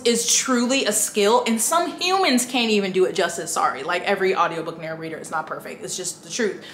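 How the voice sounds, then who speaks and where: Emphatic woman vlogger in an echoey room. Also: fairly high pitch. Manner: emphatic, expressive, talks straight to viewers. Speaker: book vlogger. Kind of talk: casual commentary reading an article aloud. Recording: echoey room with faint noise.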